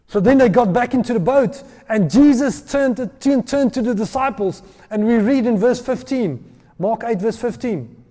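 High-voiced preacher in an echoing hall. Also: male voice, moderate pace. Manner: animated storytelling, acts out scripture voices. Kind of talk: sermon. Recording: long hall reverb.

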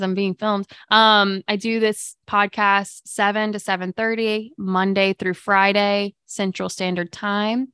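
A woman hosts a live morning stream, chatting upbeat and loose with her viewers, full of fillers. Her voice is smooth and clear. The sound is dry and close to the mic. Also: medium pitch, a bit bright, no room sound. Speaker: livestream podcast host. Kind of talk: casual live chat with viewers.

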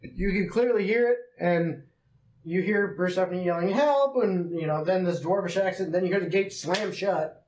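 A man narrating as game master in a casual, halting way, recorded in an echoey room with faint noise. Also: high-pitched, fairly even intonation, a little mellow.

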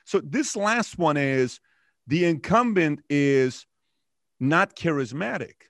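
A man hosting an interview in a casual, animated way, often stumbling and repeating his words. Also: a little high, slow pace, dry recording, studio quality. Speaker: interview host.

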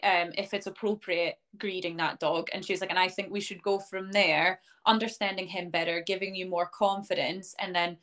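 A young woman with a fairly low, fairly bright voice talks at a moderate pace with hardly any pauses and fairly even intonation. She's a dog owner guesting on an interview, telling her story casually with many "um"s and "like"s while performing quoted speech.

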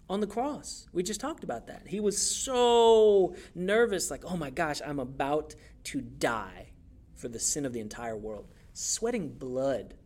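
A young man preaching a sermon in a church, conversational and animated, acting out quotes as he goes. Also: mid-range voice. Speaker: youth pastor.

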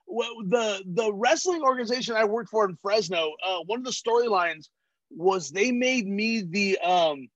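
A comedian from California chatting as a guest on an interview show, telling stories in an animated, profane way and acting out other people's voices. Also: male voice, sits high, normal speed, dry recording. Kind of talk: casual chat. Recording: dull, dry recording.

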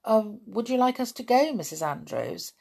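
A woman's voice: fairly high pitch, lively intonation, normal speed, vocal fry, darkish tone, pitched above the performer's own voice. A woman voicing a polite, well-mannered schoolboy who speaks with courteous enthusiasm.

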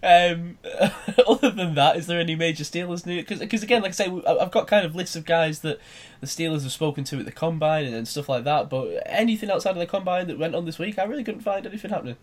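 A man's voice: a little high, fast, few pauses. A man hosting a casual sports podcast, laid-back, laughing easily with frequent hesitant fillers. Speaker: podcast host. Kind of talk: casual chat.

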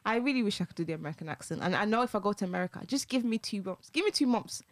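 A woman's voice: mid-range voice, animated, racing, no room sound. A young woman with a mild Birmingham accent, co-hosting a casual podcast chat in a teasing way and laughing often. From Birmingham, England. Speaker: podcast co-host.

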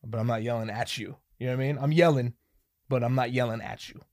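Quick-paced and fairly even in intonation, a man in his thirties speaks in a darkish, mid-range voice with no echo. He hosts a casual solo podcast from home on a studio mic, a dog close at hand, rambling through jokes, profanity and self-deprecation.

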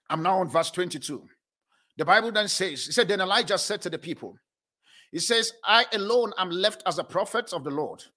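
Male pastor, high bright voice, emphatic sermon delivery, slow scripture reading. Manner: preaching with emphatic declarations and slow drawn-out reading.

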